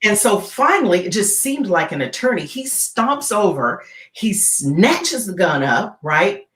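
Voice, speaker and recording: A woman's voice: mid-range voice, a little slow. A woman who is a guest keynote speaker, telling a dramatic story in an interview and often checking in with "right?". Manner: animated, keeps checking in with "right?". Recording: roomy echo.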